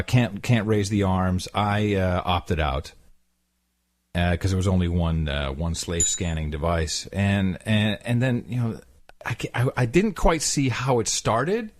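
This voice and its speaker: Animated storytelling man, dry close mic. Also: fairly low pitch, no echo. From Netherlands. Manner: animated, acts out quotes in mocking voices. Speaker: podcast co-host. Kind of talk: casual conversational storytelling.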